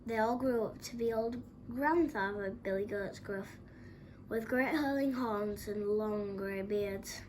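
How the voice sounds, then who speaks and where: A woman reading a children's storybook aloud in an expressive, dramatic way. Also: mid-range voice, unhurried, a little hiss or hum.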